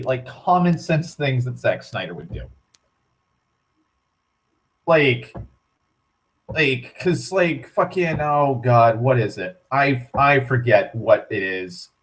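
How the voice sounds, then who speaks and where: A man's voice: medium pitch, big pitch swings, takes it slowly, fairly bright tone. A young man giving a rambling casual rant, swearing often, leaning on "like" and restarting his sentences. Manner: rambling, profane, heavy on "like", frequent restarts. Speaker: vlogger.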